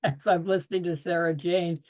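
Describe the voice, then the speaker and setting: A man's voice: a little high, fairly even intonation, moderate pace, darkish tone. A man speaking as a guest on a panel discussion over a video call, earnest and expansive, laughing often as he talks. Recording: dull lo-fi audio.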